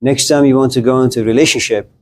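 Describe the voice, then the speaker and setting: A man's voice: medium pitch, fairly even intonation, quick pace, slight background noise. A male lecturer with a mid-range voice talks to his class in a loose, conversational way. He jokes and asks students questions as he tells a story. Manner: conversational, joking, addresses the class directly.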